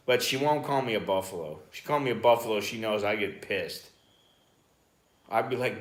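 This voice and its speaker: Hosting a live stream at home in Bangkok, this American guy rambles chattily and drops the occasional curse word. His voice sits on the low side, swinging widely in pitch at a moderate pace with a fairly bright tone, all in an echoey room.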